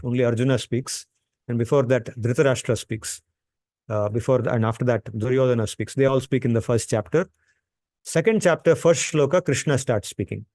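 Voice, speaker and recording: A man's voice: medium pitch, a little mellow. A man with a mid-range voice teaches a scripture class in a patient, conversational way. He repeats points for emphasis and often checks in with the listener with a rhetorical "right?". The recording is dry and close, with no room echo. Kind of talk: explanatory lecture on scripture.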